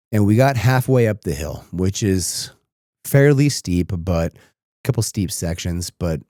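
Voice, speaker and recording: Man, thirties, podcast host, low voice, mellow tone, dry close mic, reflective storytelling. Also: no room sound. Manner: reflective, becomes emotional and tearful while recounting. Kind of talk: personal storytelling monologue.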